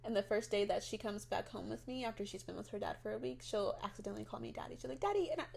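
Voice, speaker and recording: A woman's voice: mid-range voice, steady tone, fast, creaky, a little mellow, a little hiss or hum. A woman hosting a podcast, chatting casually and candidly with a friend and acting out quoted voices in a playful way. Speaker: podcast host. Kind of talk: casual chat.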